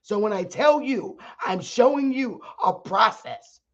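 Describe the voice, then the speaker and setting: Blunt, husky-voiced woman, dull stream audio. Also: mid-range voice, animated, measured pace. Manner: blunt, profane and combative, rising to shouts. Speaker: channel host teaching her audience. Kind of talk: heated livestream monologue.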